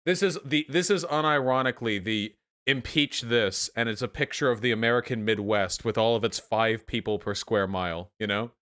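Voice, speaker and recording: A man's voice: mid-range voice, normal speed, hardly any pauses, bright, forceful tone. A man casually reacting to clips on a stream, offhand and sarcastic, full of "dude" and "like.". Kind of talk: casual commentary.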